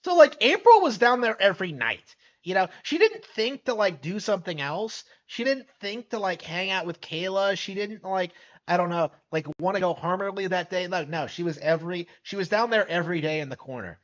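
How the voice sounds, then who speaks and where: A man's voice: high-pitched, lively intonation, a little fast, muffled recording. A man reacting on a live stream, skeptical and incredulous, rambling with lots of fillers.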